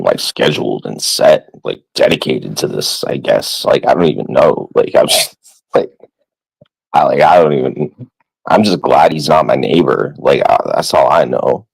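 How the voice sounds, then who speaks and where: A man's voice: rumbling low, vocal fry, darkish tone, breathy edge, poor audio. A man telling a story on a casual live stream, laughing constantly as he talks and rambling with a lot of "like" between words. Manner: laughs constantly while talking; rambling, heavy use of "like".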